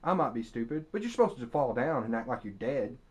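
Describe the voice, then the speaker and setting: A young man ranting to his camera, telling a story with profanity and sarcasm, and breaking into loud mock screams. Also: medium pitch, big pitch swings, fairly quick, slightly rough. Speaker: vlogger. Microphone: camera mic.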